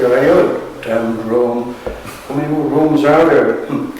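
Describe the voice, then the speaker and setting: A man's voice: mid-range voice, a little slow, darkish tone, a little hiss or hum. An Irish man, a poet, giving a wry, sardonic reading at a book launch and chuckling at his own jokes. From Ireland. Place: museum hall at a live event. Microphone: room recording from a distance. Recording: very echoey hall from far off.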